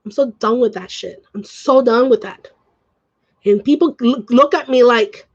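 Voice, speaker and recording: A woman's voice: high voice, normal speed, muffled recording. A young woman who grew up speaking Spanish, ranting emotionally and swearing in a home vlog. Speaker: vlogger.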